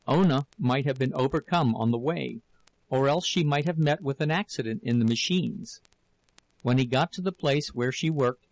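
A man narrating an audiobook of a novel in a measured, steady storytelling manner. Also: mid-range voice, no room sound, low-quality recording.

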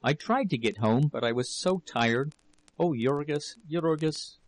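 A man's voice: fairly high pitch, lively intonation, unhurried. A man voicing a frightened young wife who sobs and pleads breathlessly in a read-aloud story.

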